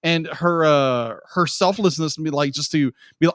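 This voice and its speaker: A man's voice: fairly high pitch, normal speed, no room sound. A young man co-hosting a podcast, gushing emotionally about a film in casual chat and repeating himself often. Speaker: podcast co-host.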